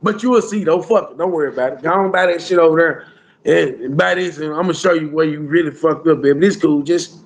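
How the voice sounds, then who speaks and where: A man's voice: a little high, quick pace. A man telling a rambling street story in casual slang, with lots of "bro" and "you hear me" along the way. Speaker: storyteller guest.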